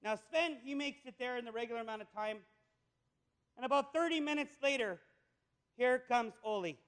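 Emphatic high-voiced male preacher. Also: normal speed, fairly bright tone, clear, resonant tone. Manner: emphatic, storytelling. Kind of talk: sermon. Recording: echoey hall with long reverb.

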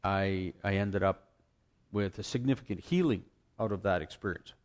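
A man's voice: low-pitched, moderate pace. A man telling his personal faith story in a conversational way, with restarts and short acted quotes of others.

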